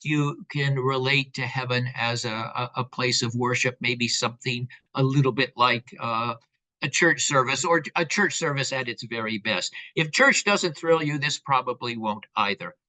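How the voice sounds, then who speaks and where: A man giving a conversational lecture in a relaxed way, with frequent fillers and asides. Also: medium pitch, normal speed, poor audio.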